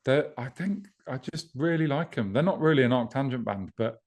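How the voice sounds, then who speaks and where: A man co-hosting a podcast in relaxed casual chat, with lots of ums and casual swearing. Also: medium pitch, normal speed. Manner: laid-back, swears casually, many ums. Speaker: podcast co-host, festival promoter.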